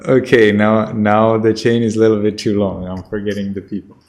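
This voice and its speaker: A man's voice: lowish voice, level tone, brisk, darkish tone. A man teaching a children's class over a video call, patiently repeating his questions.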